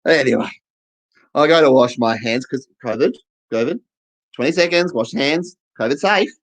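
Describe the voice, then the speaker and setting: A rough recording catches a stand-up performer with an Australian accent at an online festival, speaking at a moderate pace in a medium pitch. Performing a deaf comedian's set, they tell a self-mocking story and act out the voices.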